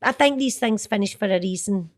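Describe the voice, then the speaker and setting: A chatty middle-aged Scottish woman in a relaxed interview. She talks fast and loose, with lots of asides and easy laughter, and a mid-range voice. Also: medium pitch. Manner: chatty and animated, swears and laughs easily. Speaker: actress guest. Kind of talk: casual reminiscing chat.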